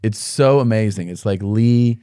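A man's voice: on the low side, measured pace, mellow, no echo, studio quality. A middle-aged man, a comedian guest, telling rambling stories in casual podcast chat and acting out what others said. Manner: rambling storytelling with quoted voices.

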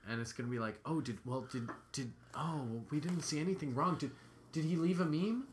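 A man's voice: on the high side, a little fast, a little hiss or hum. A young man co-hosting a podcast, joking crudely in casual banter. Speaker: podcast co-host.

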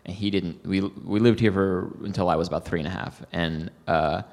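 A man's voice: low-pitched, fairly even intonation, moderate pace, a little mellow, long reverb tail. A man co-hosting a live podcast, talking in an easygoing way with many fillers. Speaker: podcast co-host. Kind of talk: casual live podcast chat.

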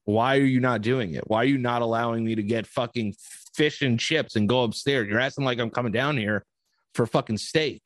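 A man on a podcast telling a story in casual chat, profane and animated, acting out the dialogue. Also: mid-range voice, a little fast, no echo. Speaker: podcast host.

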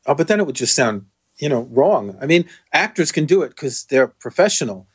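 A man's voice: a little high, sing-song, fairly quick, slightly rough. A man from the United States, a podcast guest in casual chat, musing aloud and often trailing off.

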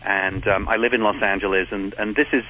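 A man's voice: lowish voice, fairly even intonation, a little fast, bright, forceful tone, dull audio, slight background noise. A man with an English accent, a guest calling in to a radio show, chatting in a self-deprecating way and stumbling over repeated words. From England. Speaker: phone-in guest. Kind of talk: casual radio chat. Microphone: telephone.

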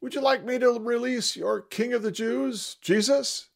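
A man's voice: very high-pitched, unhurried, creaky, voice pushed up, full character voice. A man voicing a sly, mocking Roman governor with a theatrical, questioning tone. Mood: incredulous.

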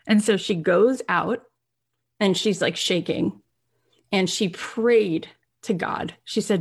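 A woman's voice: medium pitch, a little slow, creaky, breathy edge. A woman telling an inspiring story as a motivational speaker, acting out the people in it and rising to pleading peaks. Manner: acts out quoted voices, rising and pleading at emotional peaks.

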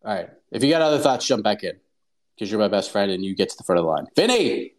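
A man hosting a casual morning chat show, upbeat and energetic, talking to listeners. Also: on the low side, fast talker. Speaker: host.

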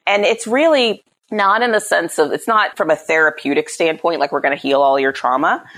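A woman in her thirties, a parenting coach in a podcast interview, acting out quotes with big pitch jumps. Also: fairly quick, fairly bright tone.

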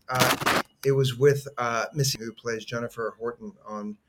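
This middle-aged actor, a guest on a podcast, shares personal stories with earnest feeling, restarting often. His medium-pitched voice stays steady at a moderate pace, though the recording is very noisy.

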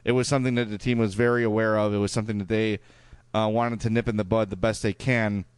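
A man's voice: lowish voice, little pitch movement, quick pace, smooth, no room sound. A man with a Chicago accent co-hosting a podcast, chatting casually and reading out listener emails, with fillers and restarts. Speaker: podcast co-host.

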